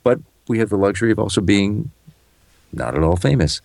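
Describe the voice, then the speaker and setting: A middle-aged announcer talks in a quick, gravelly rush. His voice sits fairly low, and the sound is dry and close, with little room around it. He tells stories with animated bursts and a loose, swearing casualness. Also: no echo. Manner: rapid, animated storytelling with expletives. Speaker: voice-over announcer. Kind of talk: casual podcast chat.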